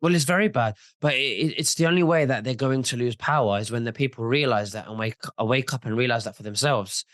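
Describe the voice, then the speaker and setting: A man's voice: medium pitch, fast, hardly any pauses, fairly bright tone, dry recording, studio quality. A man in a casual video interview who speaks insistently and often repeats words as he starts a point.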